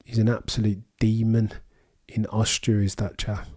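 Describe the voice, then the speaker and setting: A man's voice: lowish voice, flat delivery, normal speed, darkish tone. A young man with a Birmingham accent chatting casually with viewers on a live race watchalong, reading out comments and making dry quips. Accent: Birmingham English. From England. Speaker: livestream host.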